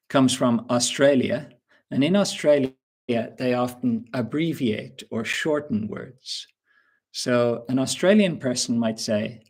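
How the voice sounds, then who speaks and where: An Irish man leads an online English lesson, going through words one at a time with a patient, unhurried delivery. His voice sits at an everyday middle pitch. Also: expressive, slightly rough. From Ireland. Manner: slow, patient explanations with examples. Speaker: English teacher. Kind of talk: webinar lesson.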